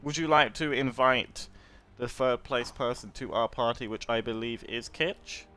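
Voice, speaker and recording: A man hosting a live racing broadcast, brisk and practical as he runs through penalties and results. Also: medium pitch, steady tone, bright, forceful tone, clear, resonant tone, faint music behind. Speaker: race broadcast host. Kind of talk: live race commentary.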